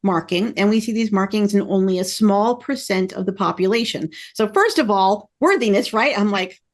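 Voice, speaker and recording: A woman hosting a podcast interview, chatting in an excited, effusive and rambling way. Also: medium pitch, moderate pace. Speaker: podcast host. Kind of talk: casual interview chat.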